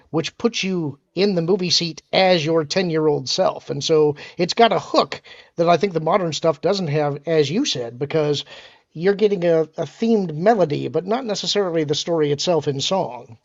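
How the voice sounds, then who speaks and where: A man on a panel discussion, explaining his point in a measured way. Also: on the high side, gravelly. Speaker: panel guest. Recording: dull lo-fi audio.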